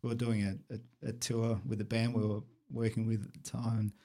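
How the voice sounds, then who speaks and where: A middle-aged man speaks in relaxed, casual chat. His manner is dry and teasing, with wry asides about everyday matters. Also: fairly low pitch, moderate pace.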